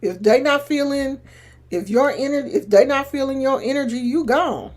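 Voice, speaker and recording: A woman live streaming and chatting casually with her viewers, teasing and sassy, breaking into loud laughs. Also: sits high, normal speed.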